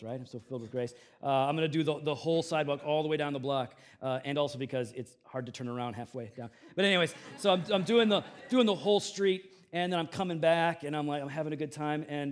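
A man pastor preaching a sermon, conversational and animated, swinging between loud emphatic peaks and quiet asides, with self-deprecating humor. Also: a little high.

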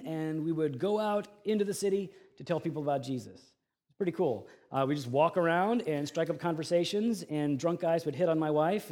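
A man's voice: a little high, darkish tone. Casual-sounding male preacher. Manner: conversational storytelling with fillers. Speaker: pastor. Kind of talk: sermon.

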